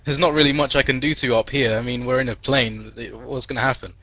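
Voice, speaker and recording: A man's voice: mid-range voice, steady tone, quick pace, a bit bright, close to an everyday voice. A man voicing an airline pilot who barks orders in a spoken joke. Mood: casual. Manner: barking orders. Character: airline pilot, casual then furious.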